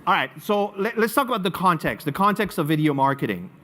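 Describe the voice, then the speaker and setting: French-accented male speaker, slightly high voice, lively and emphatic presenter. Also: fast talker. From France. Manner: animated storyteller, swinging between loud emphasis and quiet asides. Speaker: marketing speaker. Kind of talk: live presentation to an audience.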